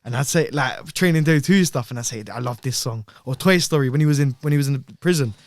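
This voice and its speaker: A man's voice: fairly high pitch, quick pace, no room sound. Young man telling stories. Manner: animated storyteller, heavy slang, repeats words. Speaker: podcast guest. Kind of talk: casual chat.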